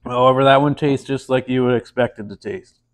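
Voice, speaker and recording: A man's voice: medium pitch, fairly even intonation, brisk. A man hosting a casual beer-tasting show, trying a stout and telling a joke, laid-back and full of fillers and puns.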